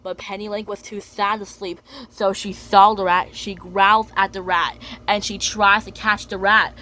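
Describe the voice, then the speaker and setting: A woman's voice: medium pitch, little pitch movement, a little slow, pushed and bright. Eager woman retelling cartoon stories. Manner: eager, breathless storytelling with many "and then"s.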